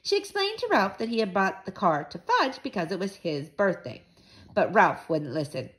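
A woman reading a children's book aloud in an expressive, sing-song way. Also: mid-range voice, moderate pace.

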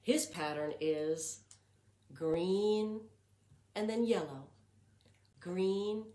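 A woman's voice: fairly low pitch, drawn-out words, mellow, echoey room. Woman reading to kids in sing-song. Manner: sing-song, repeats patterns, asks questions to children. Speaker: children's librarian. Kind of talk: reading a picture book aloud to young children.

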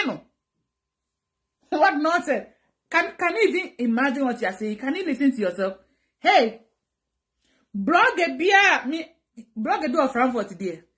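Her voice is high-pitched and her accent Ghanaian. During a live stream she reacts to viewers' comments in a dramatic, animated way, alternating between two languages.

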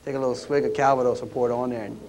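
Brief: man, historian, folksy storytelling lecture, middle pitch. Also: steady tone, rapid-fire, a little mellow, slight background noise. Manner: folksy, anecdotal, with many "uh" restarts. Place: lecture room at a history roundtable.

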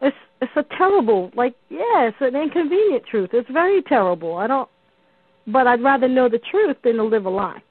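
A woman's voice: high voice, animated, brisk, husky, no echo. A woman calling in to a radio show, talking earnestly with hesitant restarts. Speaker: caller. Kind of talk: call-in radio conversation. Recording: tinny phone line.

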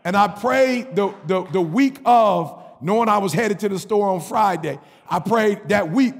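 High, raspy-edged male preacher, animated storytelling with call-and-response, in a reverberant hall. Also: moderate pace, hardly any pauses. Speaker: pastor. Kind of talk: sermon storytelling.

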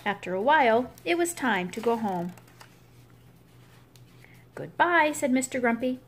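A woman reading a children's picture book aloud, expressive and giving the characters their own voices. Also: fairly high pitch, brisk. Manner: expressive, gives each animal its own voice. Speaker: storybook reader.

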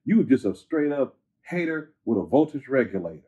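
A man's voice: mid-range voice, big pitch swings, moderate pace, dark tone, a little hiss or hum. A man being interviewed who talks in a laid-back, slangy way, full of "you know what I'm saying". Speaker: interview guest, rapper. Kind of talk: casual interview storytelling. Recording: phone-like narrow band.

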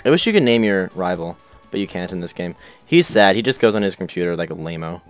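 A man's voice: sits low, animated, fast, soft background music. A young man hosting a casual let's play, chatting loosely, swearing and reading game text aloud in silly voices. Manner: goofy, swears, shouts character names.

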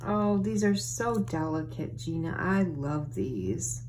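Slow-talking excited woman crafter. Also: low-pitched, a little hiss or hum, poor audio. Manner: gushing, excited, often breathy exclamations. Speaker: papercraft vlogger opening happy mail. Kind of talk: casual unboxing chat to viewers.

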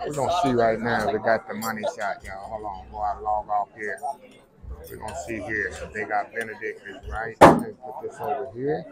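Amid busy crowd chatter, a Texan man with a lowish voice chats through his cruise ship food vlog, folksy and direct with viewers, calling them "y'all" again and again. The audio is poor.

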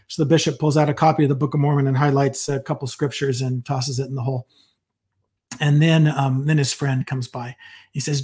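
A man's voice: on the high side, fairly even intonation, normal speed, a little mellow. A man, a psychologist, giving an earnest, enthusiastic devotional fireside talk with casual asides and a personal testimony.

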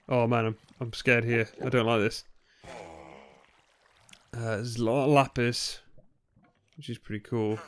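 A young man giving nervous, excitable commentary on a game he is playing, often bursting into shouts. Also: mid-range voice, smooth. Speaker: gaming YouTuber. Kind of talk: Let's Play commentary.

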